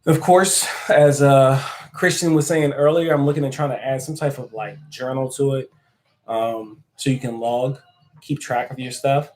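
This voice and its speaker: A man's voice: mid-range voice, steady tone, normal speed, a little mellow, rough recording. A man hosting a casual live stream who answers viewer comments and laughs often. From United States. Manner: chatty and joking, laughs often.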